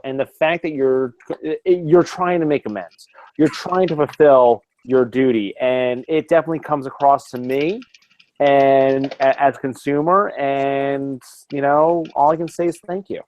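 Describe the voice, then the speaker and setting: A man's voice: mid-range voice, measured pace, darkish tone. A man hosting a casual group chat online, earnest and a bit rambling. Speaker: podcast host. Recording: dull dry lo-fi mic.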